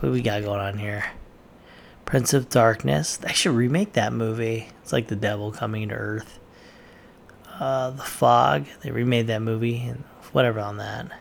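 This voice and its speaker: A man's voice: medium pitch, gravelly, a little hiss or hum. A man giving blunt, offhand opinions in casual commentary, with plenty of fillers. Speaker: vlogger reacting to movie lists.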